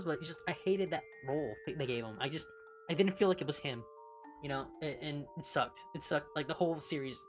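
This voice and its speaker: A young woman from California, a streamer chatting casually while reading along, blunt and profane and quick to laugh. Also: low voice. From California, United States.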